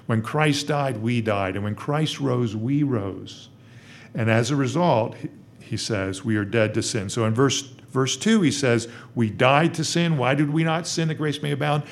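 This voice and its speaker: A man's voice: mid-range voice, slight background noise. A man preaching an expository sermon as pastor, conversational, with frequent fillers and rising emphasis on key points.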